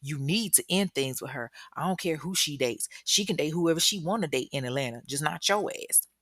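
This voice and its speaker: A man's voice: on the high side, expressive, fairly quick, a bit bright, no room sound, clean studio sound. A woman voicing a jealous, menacing ex-boyfriend who speaks in cryptic threats. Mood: scornful.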